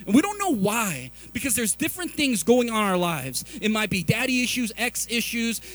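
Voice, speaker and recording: Pastor, middle-aged man, fairly high voice, lively confessional sermon delivery. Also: moderate pace. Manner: animated, confessional storytelling with many restarts.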